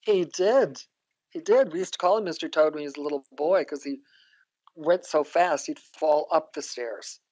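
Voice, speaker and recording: A woman's voice: low voice, normal speed, mellow, muffled recording. An older woman, a guest on a podcast, telling reflective personal stories and laughing often. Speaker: interview guest, psychotherapist. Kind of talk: conversational storytelling.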